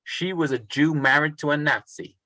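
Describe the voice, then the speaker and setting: A man's voice: a little high, moderate pace, sharp tone, dry recording, pitched above the performer's own voice, poor audio. A man voicing a folksy Southern American man who dotes on his mama, in a put-on Southern American accent and a drawl. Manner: drawling, homespun.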